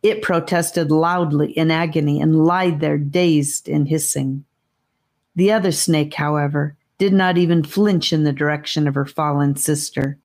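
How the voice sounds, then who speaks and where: Low-voiced woman reading a storybook. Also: steady tone, measured pace, darkish tone. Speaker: audiobook reader. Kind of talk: audiobook narration.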